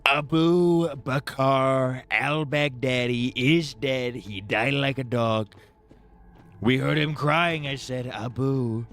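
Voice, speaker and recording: A man's voice: medium pitch, steady tone, slow pace, pitched above the performer's own voice. A man putting on an impression of a grandiose older male president in a regal, statesmanlike tone. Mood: boastful. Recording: loud game gunfire behind.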